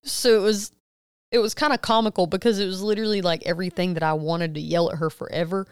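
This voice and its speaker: A woman in her thirties co-hosting a podcast, retelling a story in casual chat and acting out quotes with loud, cursing outbursts. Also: fairly low pitch, fast, clear, resonant tone, no echo. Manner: animated retelling with loud acted quotes and swearing. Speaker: podcast co-host.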